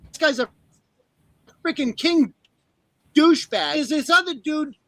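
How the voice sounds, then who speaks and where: Man, high bright voice, animated profane ranter, close dry mic. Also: a little slow, creaky, no echo, low-quality recording. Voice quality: animated, swearing, mimics characters in high voices. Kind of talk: profane comedic rant.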